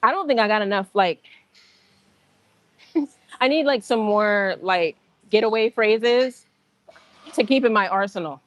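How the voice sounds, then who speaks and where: A woman's voice: medium pitch, measured pace, long pauses, dry recording. A woman chatting casually on a livestream from the gym, telling stories in slang with laughs and acting out other people's lines. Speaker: livestream host.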